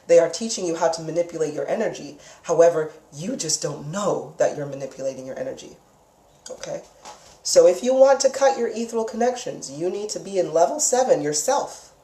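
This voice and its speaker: Lady teaching energy healing live, keeps saying okay?, low warm voice, roomy echo. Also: expressive, a little fast. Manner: instructive, checks in with frequent "okay?"; emphatic, repeats key phrases. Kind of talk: live spoken lesson. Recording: echoey room, mic far off.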